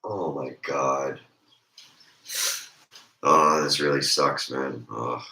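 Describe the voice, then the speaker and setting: A man chatting casually on a stream with a congested throat, talking in a slow ramble; his voice squeaks and crackles when he raises it. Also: steady tone, bright, forceful tone, roomy sound.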